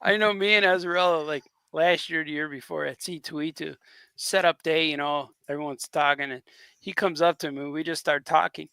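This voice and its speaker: A playful man, co-hosting a podcast and telling stories between easy laughs. His voice is gravelly, bright and sharp, and slightly higher than most men's, recorded dry and close. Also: fairly even intonation, fairly quick, no room sound. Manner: playful, laughs a lot, acts out quotes. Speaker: comic artist, podcast co-host. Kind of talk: casual chat.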